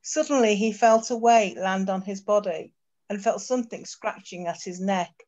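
A woman author reading her fiction aloud on a video call, with steady narration and occasional slips. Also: mid-range voice, moderate pace. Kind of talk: storybook reading. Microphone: computer mic on a video call. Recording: dull lo-fi video call audio.

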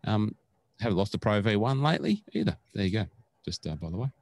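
Deep-voiced Australian man, chatty podcast co-host. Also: very animated, fast, darkish tone, dry recording. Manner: chatty, rambling with fillers. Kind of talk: casual podcast chat.

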